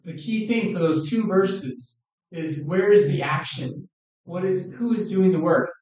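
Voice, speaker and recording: Male preacher, earnest sermon delivery, slightly high voice, far off in an echoey hall. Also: a little mellow. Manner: earnest, measured, quoting scripture. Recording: echoey room, distant mic.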